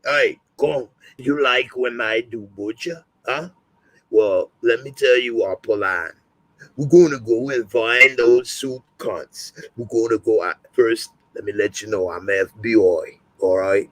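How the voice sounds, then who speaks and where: A man voicing a menacing, foul-mouthed British male vigilante in a low, bullying, clipped delivery. He speaks slowly and the sound is dry and close. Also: a bit bright, no echo, rough recording. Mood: scheming.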